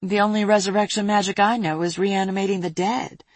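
A woman's voice: mid-range voice, steady tone, fairly quick, no echo, close to an everyday voice. A woman reading a storybook voices a powerful female mage who speaks in a serious, direct way. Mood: dry.

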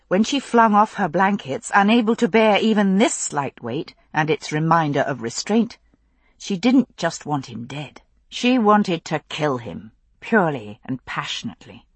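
A woman narrating a novel with intense, expressive storytelling. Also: on the low side, husky, dry recording. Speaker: audiobook narrator.

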